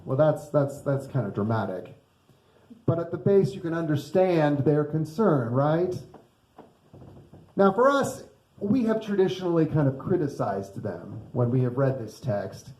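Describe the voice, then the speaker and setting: Male pastor, fairly high yet mellow voice, relaxed chatty sermon, echoey church. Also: a little slow. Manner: conversational, asks the congregation rhetorical questions. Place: church sanctuary.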